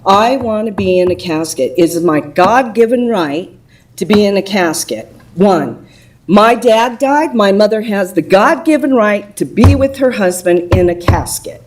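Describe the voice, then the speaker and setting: A woman's voice: mid-range voice, animated, measured pace, slight background noise, low-quality recording. A woman speaking emotionally and indignantly during public comment at a city council meeting.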